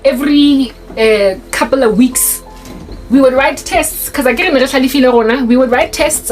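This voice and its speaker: A woman tells a funny school story in a lively, casual vlog. Her voice sits high, she laughs often, and faint music plays beneath her. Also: poor audio. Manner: animated, laughs often while telling. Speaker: YouTuber.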